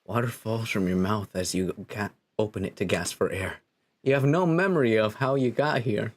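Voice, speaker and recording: A man's voice: fairly low pitch, moderate pace, pitched below the performer's own voice. A man voicing a sly, all-knowing male game narrator, reading the story aloud in a teasing, ominous tone.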